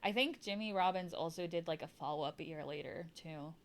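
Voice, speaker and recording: A woman's voice: lowish voice, fairly quick. A woman streamer chatting casually, swearing freely and laughing often.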